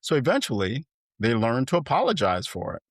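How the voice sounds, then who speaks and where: A man hosting a solo podcast as a life coach, speaking in an earnest, gentle and reflective way, and rising in emphasis as he lists points. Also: mid-range voice, sing-song, fairly quick, slightly rough, no room sound, clean studio sound.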